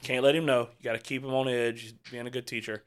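A man hosting a casual movie reaction chat, talking in a rambling, halting way with lots of fillers and restarts. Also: medium pitch, flat delivery, smooth. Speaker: host leading a movie reaction.

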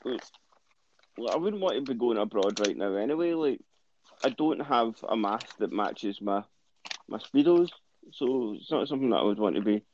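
A man's voice: mid-range voice, moderate pace, muffled recording, a little hiss or hum. A Scottish man co-hosting a casual podcast, chatting and joking. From Scotland. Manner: jokey, chatty, lively. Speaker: podcast co-host.

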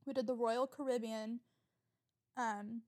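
Young woman, solo podcast host, rambling, animated, cusses freely, fairly high-pitched. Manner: animated, swearing, quick to get riled up.

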